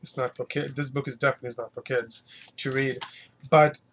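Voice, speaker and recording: A man's voice: mid-range voice, steady tone, fairly quick, a little hiss or hum. A man casually reviewing comic books, rambling and retelling scenes, leaning heavily on fillers like "you know" and "um".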